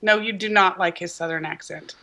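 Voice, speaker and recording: A woman from the United States co-hosting a gaming podcast, excitable and quick to giggle. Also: fairly low pitch, a little hiss or hum. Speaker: podcast co-host. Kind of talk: casual podcast chat.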